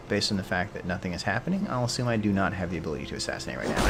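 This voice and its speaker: A man's voice: low voice, wildly swooping pitch, racing, vocal fry, hardly any pauses, background noise. A man giving casual, chatty commentary while playing a video game, often drifting into history asides. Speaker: game streamer. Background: game music.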